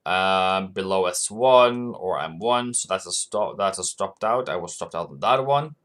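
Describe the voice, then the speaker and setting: A man's voice: low voice, unhurried, fairly bright tone. A man hosting a live trading stream, chatting casually, answering viewers by name and laughing often. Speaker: forex trading livestream host.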